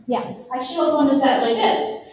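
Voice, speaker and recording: At a real estate event, a middle-aged Texan woman delivers a lively, emphatic motivational talk straight to the crowd at a normal speed. Her high voice rings through a very echoey event room, and the distant mic picks up faint noise underneath.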